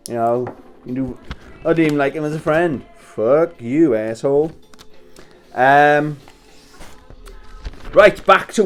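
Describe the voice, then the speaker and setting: A Welsh man in his thirties telling a rambling story in casual chat, swearing and laughing as he wraps presents at home. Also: mid-range voice. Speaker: vlogger.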